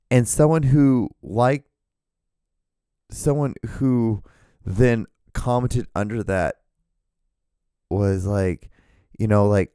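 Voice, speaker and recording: Solo podcast host, male, low mellow voice, rambling and profane, dry sound. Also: slow, long pauses, clear, resonant tone, no room sound. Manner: rambling and profane, rants with frequent restarts.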